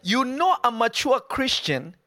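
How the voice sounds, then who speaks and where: A man delivers a live sermon in a high voice, emphatic and conversational, often breaking off into quick asides to his listeners. The sound is dry and close. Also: sing-song, sharp tone, no room sound. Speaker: preacher.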